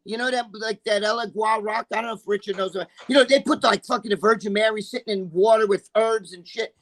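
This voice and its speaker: A man on a podcast call telling stories in a profane, animated way. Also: sits high, fast. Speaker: podcast guest. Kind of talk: casual group chat on a video call.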